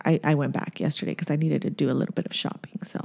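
A woman's voice: sits low, level tone, fast, gravelly, a little mellow. Chatty woman co-hosting a podcast. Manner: chatty storyteller, many fillers and restarts. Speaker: podcast co-host. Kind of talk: casual chat.

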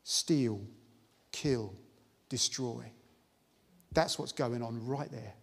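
A man gives an earnest, exhorting sermon in a slightly husky, breathy voice at a mid pitch. His words ring out with a long reverb, as they would across a church hall on a live stream. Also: very slow. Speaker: preacher.

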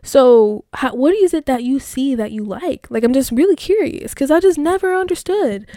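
A woman's voice: high voice, lively intonation, moderate pace, mellow, dry recording, studio quality. A young woman vlogger chatting casually, reading her old posts aloud in a rambling, filler-heavy way.

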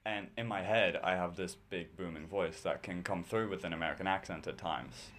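Low-voiced teenage guy co-hosting a podcast. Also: moderate pace, a little hiss or hum. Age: teens. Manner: relaxed, self-deprecating, a bit hesitant with restarts. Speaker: podcast co-host. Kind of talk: casual podcast chat.

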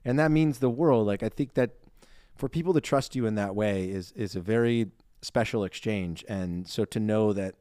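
Earnest low-voiced male podcast host. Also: normal speed, mellow, clear, resonant tone, no echo, studio quality. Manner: earnest, heartfelt. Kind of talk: casual chat.

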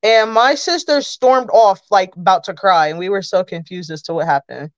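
A woman chats as a podcast guest, telling animated, lively stories. Her voice sits mid-range. It comes through a lo-fi connection and sounds dry and muffled. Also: medium pitch, moderate pace, dry recording. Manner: animated storyteller. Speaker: podcast guest, wrestling content creator. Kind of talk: casual chat. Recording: dull lo-fi sound.

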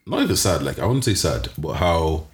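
Young male podcast co-host, very low voice, loose rambling delivery full of slang. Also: very animated, fairly quick, a little hiss or hum. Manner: laid-back, rambling, frequent restarts and slang. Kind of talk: casual chat.

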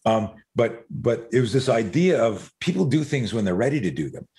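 A man's voice: mid-range voice, sing-song, moderate pace, darkish tone. A middle-aged man from Canada, a podcast guest, telling stories in a loose, rambling way, swearing casually and drifting into tangents.

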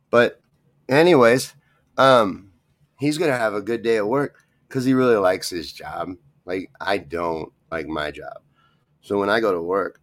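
Hosting a podcast solo, a man grumbles through a rambling, profane rant in a low, creaky voice. The recording sounds dry.

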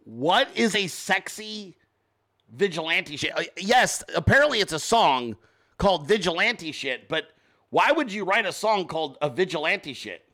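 Bright, high-voiced joking male host. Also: very animated, moderate pace. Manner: profane, joking, rambling; reads sponsor ads informally. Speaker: show host. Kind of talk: casual live-stream commentary.

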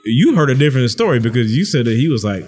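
A man in his thirties hosting a podcast, telling animated stories in casual chat, acting out quotes and swearing freely. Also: mid-range voice, quick pace, breathy edge, soft background music. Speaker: podcast host.

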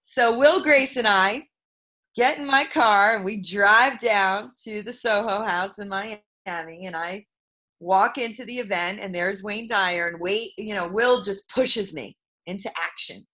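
A woman from Brooklyn, New York, telling a personal story as an interview guest, shifting from loud emphasis to hushed asides. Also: mid-range voice, measured pace. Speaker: guest, author.

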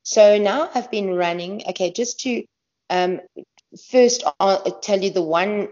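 A woman's voice: on the low side, a little mellow. Chatty woman, dull audio. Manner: chatty, laughs often, trails off and restarts. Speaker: guest ultramarathon runner. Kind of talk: casual interview talk.

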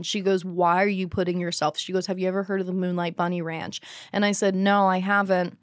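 A woman's voice: mid-range voice, steady tone, a little fast, no echo, studio quality. Frank, profane woman telling her story. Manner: frank, profane, acts out other voices. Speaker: podcast guest. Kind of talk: candid personal storytelling.

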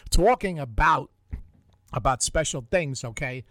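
Joking older Bronx radio host. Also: male voice, on the high side, lively intonation, measured pace, a bit bright, dry recording. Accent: Bronx New York. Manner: chatty, joking storyteller who laughs easily. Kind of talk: casual radio chat and sponsor reads. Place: radio studio.

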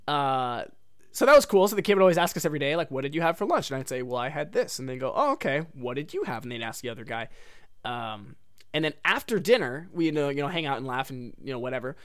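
A young man talks through a personal story on his podcast in a casual, rambling way, leaning on "like" and "dude." His voice sits a little high and sounds smooth and clean. The recording is close and dry, with no room sound. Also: expressive, a little fast, fairly bright tone, no room sound. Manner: rambling, heavy use of "like" and "dude". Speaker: podcast host.

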